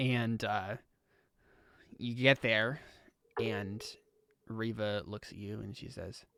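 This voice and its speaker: A man's voice: lowish voice, fairly even intonation, creaky, noisy background. A man running a tabletop game as game master, talking casually with many restarts. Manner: casual, halting with restarts and fillers.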